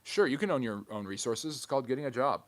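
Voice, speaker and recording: A man hosting a live history stream, reading chat questions aloud and answering with quick, dry jokes. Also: medium pitch, expressive.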